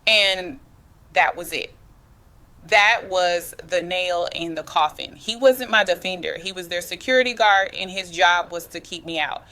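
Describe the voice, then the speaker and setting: Woman, 30s, first-person storyteller; low-set but punchy, forceful voice; slangy and confiding. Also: normal speed. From United States. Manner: slangy, confiding, talks straight to the listener.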